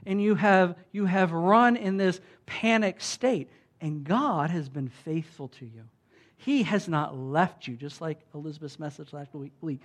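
Animated conversational pastor preaching. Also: mid-range voice, unhurried. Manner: animated preaching that swings between loud emphasis and hushed asides; conversational, with frequent restarts and filler like "like". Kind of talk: sermon.

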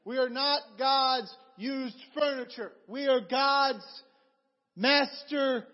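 Guy preaching, really high voice, repeats himself a lot, dull sound with long echo like a big church. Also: slow pace. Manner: animated storytelling with repeated phrases. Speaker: pastor. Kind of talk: sermon. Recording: dull recording in a reverberant hall.

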